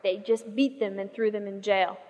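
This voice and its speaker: A woman pastor telling a story in a sermon, in a lively conversational way, asking the listeners questions. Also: medium pitch, moderate pace, big-room sound, muffled recording.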